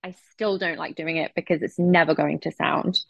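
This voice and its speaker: Brief: English actress, young adult, relaxed and chatty, dull dry audio. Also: female voice, low voice, normal speed, vocal fry, dry recording. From England. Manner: relaxed, chatty, with frequent restarts. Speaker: actress guest. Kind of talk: casual interview chat.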